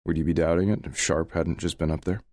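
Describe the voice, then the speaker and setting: Audiobook: man doing a blunt, teasing male friend, low-voiced, dry close read. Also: fairly even intonation, fast talker, a little mellow, no room sound, close to an everyday voice. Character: laid-back male best friend, teasing. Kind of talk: audiobook character voice.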